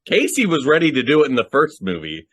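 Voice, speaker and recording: A man's voice: mid-range voice, huge pitch swings, fast talker, a bit bright, husky, no room sound, clean studio sound. A man co-hosting a casual podcast about horror movies, talking animatedly, swearing and laughing often. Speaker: podcast co-host.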